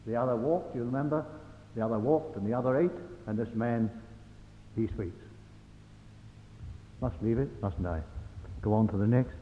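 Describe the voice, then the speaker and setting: A man's voice: medium pitch, moderate pace, pauses often. Man preaching in an echoey hall. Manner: earnest, rising to fervent emphasis, asks the hearers rhetorical questions. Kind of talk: gospel sermon. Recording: echoey hall on a lo-fi phone-like recording with faint hiss.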